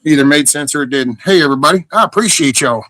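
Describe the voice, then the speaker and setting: A man's voice: a little high, fast talker, sharp tone, dry recording. Blunt man rambling, dry close sound. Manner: blunt, profane, meandering with restarts. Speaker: livestream host. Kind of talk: rambling casual monologue.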